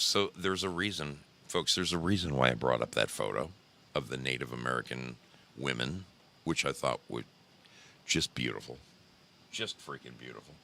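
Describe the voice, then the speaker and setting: A man's voice: very deep voice, lively intonation, measured pace, creaky, long pauses, sharp tone, a little hiss or hum. A male show host giving heated, profane, rambling commentary while looking at pictures on his screen. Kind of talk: casual commentary on screen images.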